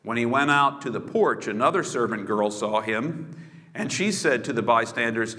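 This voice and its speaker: A man's voice: mid-range voice, animated, normal speed, bright, forceful tone. A man preaching a sermon in a conversational storytelling way, with casual asides. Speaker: pastor. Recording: echoey hall with long reverb.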